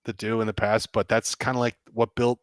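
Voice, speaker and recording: Guy telling a story, gets excited, mimics folks, dry close sound. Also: fairly low pitch, a little fast, no echo. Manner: excitable, acts out reactions, laughs often. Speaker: guest game developer. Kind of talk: animated storytelling.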